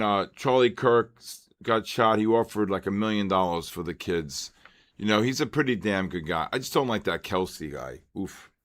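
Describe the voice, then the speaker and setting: An older man in his sixties talks casually through a live trading session. His voice sits fairly low, and he rambles from market calls to small talk, greeting viewers by name as he goes. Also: a bit bright. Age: 60s. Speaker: trading livestream host.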